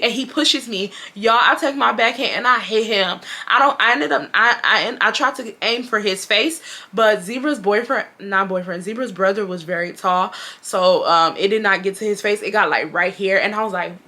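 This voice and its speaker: A woman's voice: mid-range voice, fairly quick. A young woman from Houston with a Texas accent, telling a story to camera in a casual, slangy, profane way and acting out the quotes. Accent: Southern US, Texas. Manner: animated, profane, slangy, acts out quotes loudly. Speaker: storytime vlogger.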